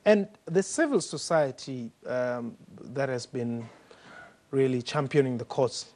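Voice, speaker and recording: A male television interviewer with a voice of middling pitch asks probing questions. He pauses often on fillers while he builds each question. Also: animated, darkish tone. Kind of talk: TV news interview.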